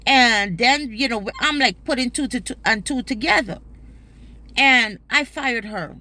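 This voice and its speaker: A woman's voice: on the high side, a little slow, sharp tone. A woman with a Guyanese accent telling a personal story in a vlog. She speaks emphatically, swears freely and uses Creole turns of phrase.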